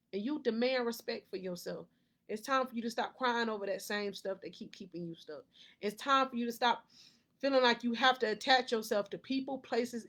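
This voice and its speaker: A woman's voice: on the high side, bright, forceful tone. Woman coach, preachy faith pep talk, repeats her lines, laughs often. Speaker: life coach. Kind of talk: motivational faith talk to camera.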